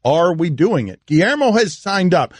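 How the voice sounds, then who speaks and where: A man hosting a sports radio show, joking quickly with his co-hosts. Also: high-pitched, very animated, no echo. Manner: quick, joking, loud outbursts. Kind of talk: casual sports radio banter.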